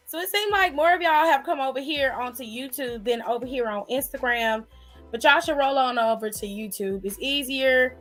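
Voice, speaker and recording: A woman's voice: fairly high pitch, moderate pace, soft background music. A woman hosting a casual live stream, chatting and reading viewer comments in a playful, familiar way. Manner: chatty and playful, calls viewers honey and child.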